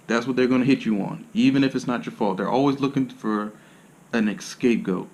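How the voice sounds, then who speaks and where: A man's voice: mid-range voice, a little fast. Man massage therapist, blunt and profane, streetwise slang, rambling talk to camera. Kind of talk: casual monologue to camera.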